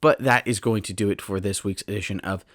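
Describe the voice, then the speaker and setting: A worn-out man hosts his podcast from home, talking in a low voice that trails and restarts. He rambles casually and then speeds up in bursts of hurried excitement. The sound is dry and close, with no room echo. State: tired. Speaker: podcast host. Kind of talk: casual solo podcast talk. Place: at home on a couch.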